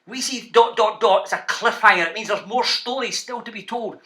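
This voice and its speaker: A Scottish man, a children's author, reading and teaching to schoolchildren in an animated, playful, teasing way. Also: sits high, brisk.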